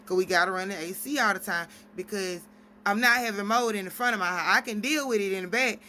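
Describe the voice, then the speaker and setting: A woman's voice: medium pitch, quick pace, bright, forceful tone, slight background noise. A woman venting at length in a casual vlog, rambling through stories with quoted exchanges. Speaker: single mom vlogger.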